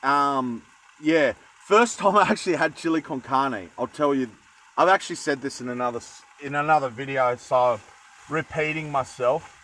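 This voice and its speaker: A man's voice: medium pitch, normal speed, a bit bright, low-quality recording. A young Australian man chatting casually while cooking in a van, rambling with jokey asides. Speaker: cooking vlogger. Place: van kitchen.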